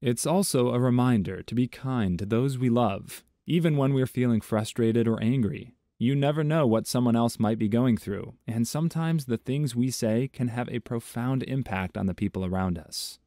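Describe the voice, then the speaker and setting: A man reading online stories aloud in a measured, even tone, adding his own commentary between them. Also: mid-range voice, no echo, studio quality. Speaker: story narrator.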